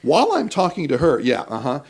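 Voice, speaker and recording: Creaky-voiced man telling a rambling story. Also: on the high side, huge pitch swings, a little fast. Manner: rambling storyteller, many fillers and restarts. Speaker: talk show co-host, actor. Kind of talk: casual anecdotal chat.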